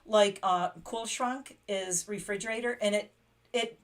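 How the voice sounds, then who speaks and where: A chatty, middle-aged American woman talking to her viewers on a relaxed home livestream. Her voice sits at an ordinary pitch. She breaks into laughter often and sounds out short practice phrases. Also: unhurried. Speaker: livestream host. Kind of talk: casual livestream chat.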